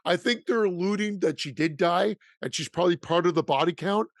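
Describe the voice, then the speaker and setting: A man's voice: high voice, a little fast, no room sound, studio quality. A man co-hosting a horror movie podcast in casual chat, rambling with restarts and laughing easily. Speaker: podcast co-host.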